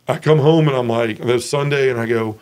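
A man's voice: a little fast, smooth. A man giving an earnest, emotional personal testimony as an interview guest, acting out other people's voices as he tells the story. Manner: animated, acts out others' voices with raised pitch.

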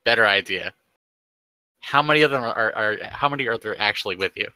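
A man's voice: fairly low pitch, a little fast, sharp tone, clear, resonant tone, dry recording, rough recording. A man playing a tabletop game, brash and given to swearing and threats in character. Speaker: player.

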